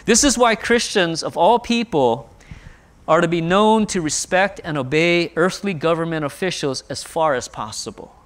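A pastor preaching a sermon, explaining scripture with rhetorical questions and rising emphasis when quoting. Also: male voice, on the high side, animated, moderate pace.

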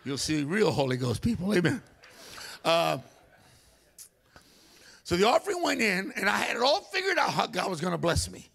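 A man preaching a humorous storytelling sermon in a church, animated and comic, acting out voices. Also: high-pitched, moderate pace, vocal fry, long pauses, slightly rough. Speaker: guest preacher. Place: church sanctuary.

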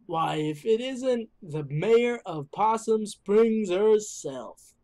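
A gamer voicing a gentle, folksy middle-aged father in a video game, reading slowly in a lower voice. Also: lively intonation. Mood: fond, folksy. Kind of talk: reading game dialogue aloud.

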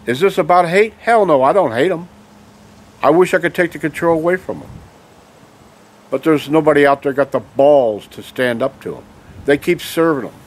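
Ranting angry man, fairly high voice. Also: animated, moderate pace. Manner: ranting, emphatic, repeated "okay?" and rhetorical questions. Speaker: video blogger. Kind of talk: angry monologue to camera.

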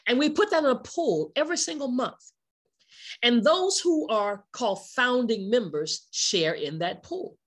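A woman presenting her company in a sales pitch, speaking emphatically, asking many rhetorical questions and repeating key words for stress. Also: big pitch swings, measured pace, slightly rough.

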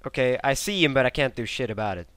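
Swearing, animated gamer man, dry close mic. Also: mid-range voice, quick pace, clean tone, dry recording. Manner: swearing, excitable outbursts, frustrated grumbling. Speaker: gameplay commentator. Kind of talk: casual live gameplay commentary.

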